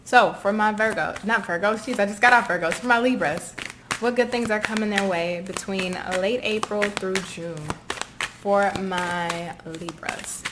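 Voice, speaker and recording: A woman's voice: mid-range voice, measured pace, noisy background. A woman with a Southern US accent giving a casual, encouraging tarot reading straight to her viewers. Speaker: tarot reader.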